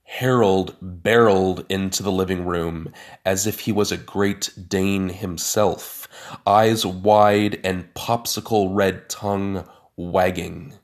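A man's voice: deep voice, fairly even intonation, slow. A man narrating a first-person story with dry, sardonic asides.

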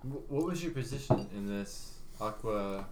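A woman's voice: extremely low pitch, expressive, moderate pace. A woman teasing her friends bluntly in casual chat. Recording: roomy with background noise.

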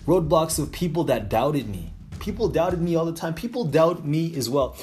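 A man's voice: fairly high pitch, expressive, normal speed, a little mellow, faint music behind. A man telling a motivational story about leadership, rambling and repetitive with sudden emphatic bursts. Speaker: motivational speaker.

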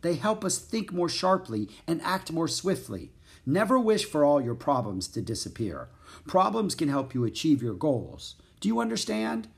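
Wise old storybook wizard, deep and measured, read by a man. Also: very animated, gravelly. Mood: gentle, wise. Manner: slow, measured, kindly teaching.

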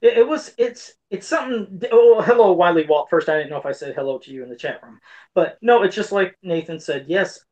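A man's voice: high voice, lively intonation, fairly quick, a little mellow, lo-fi sound. A man co-hosting a casual podcast chat, talking in an earnest, rambling way that circles back on itself. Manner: rambling, earnest, repeats himself. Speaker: podcast co-host.

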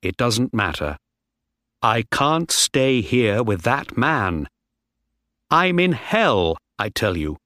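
A man's voice: medium pitch, big pitch swings, slow, bright, forceful tone, no room sound, studio quality, heavily acted. A man voicing a desperate ship officer who turns into a determined mutineer. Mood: despairing. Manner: tense, determined.

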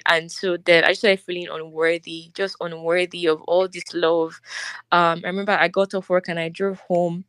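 A woman's voice: on the low side, flat delivery, moderate pace, a bit bright, clear, resonant tone, dry recording. A young woman co-hosting a podcast, telling her personal faith testimony in an earnest, emotional way, with "like" in nearly every sentence. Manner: earnest, emotional, says "like" often. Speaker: podcast co-host. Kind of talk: personal testimony, casual chat.

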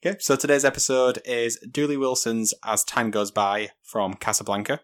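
A man co-hosting a casual film podcast, giving dry, deadpan opinions. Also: medium pitch, normal speed. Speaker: podcast co-host.

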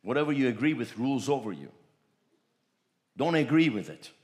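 A man's voice: mid-range voice, big pitch swings, moderate pace, a little mellow. A man preaching a sermon, with emphatic, repetitive declarations that rise in bursts.

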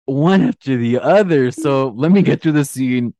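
A man's voice: medium pitch, animated, moderate pace, warm tone, no echo. A man co-hosting a casual podcast, recapping episodes and laughing often. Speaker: podcast co-host.

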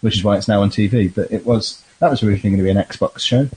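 Husky man, dry teasing podcast host. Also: lowish voice, rapid-fire, warm tone. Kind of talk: casual chat.

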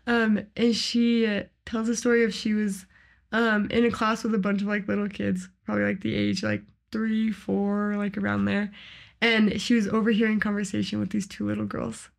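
A woman's voice: medium pitch, level tone, normal speed, gravelly. A young woman co-hosting a podcast, sharing faith in an earnest, heartfelt casual chat full of "like" fillers. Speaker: podcast co-host.

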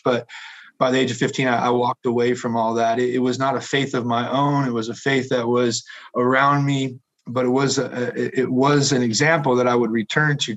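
A middle-aged man telling his personal faith testimony in an earnest, halting way, with many restarts. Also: medium pitch. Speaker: guest sharing testimony.

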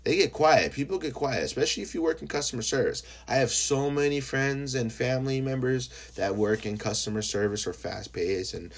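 A young man hosting a casual solo podcast who is high, rambling and swearing freely between fillers. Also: brisk, few pauses. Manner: rambling and profane, full of fillers. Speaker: podcast host.

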